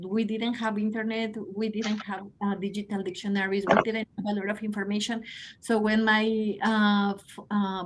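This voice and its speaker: A fairly high-pitched woman in her forties with a Mexican Spanish accent, coaching teachers on pronunciation. She talks with eager, coaxing energy, often calling her listeners "guys.". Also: slight background noise, poor audio. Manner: enthusiastic, coaxing, addresses audience as guys. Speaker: pronunciation trainer. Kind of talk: online teacher workshop.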